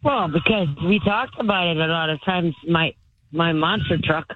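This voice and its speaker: A woman's voice: on the low side, normal speed, no echo. A woman calling in to a talk radio show from her front porch, chatty and sarcastic. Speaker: regular caller. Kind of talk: casual phone-in chat. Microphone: phone. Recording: dull lo-fi phone line. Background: wind chimes.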